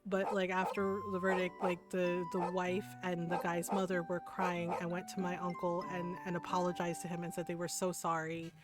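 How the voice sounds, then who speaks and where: A woman's voice: on the low side, completely flat delivery, moderate pace, hardly any pauses. A woman streamer telling personal stories in casual chat, often tagging her sentences with "right?". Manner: chatty, often adds "right?". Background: background music.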